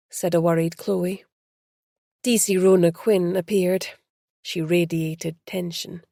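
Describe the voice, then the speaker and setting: A woman reads an audiobook in a rather low, gravelly and mellow voice, keeping a measured, even delivery. Close miking makes the sound dry and dead, with no room sound at all.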